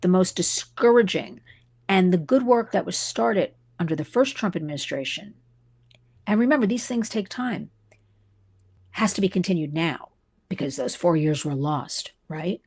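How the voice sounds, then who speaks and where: A woman's voice: fairly low pitch, lively intonation, normal speed, a little mellow, husky, no echo. A middle-aged woman hosting a live stream, talking to her viewers with passion and wandering into side stories. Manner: passionate, digressive storytelling. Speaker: host and advocate.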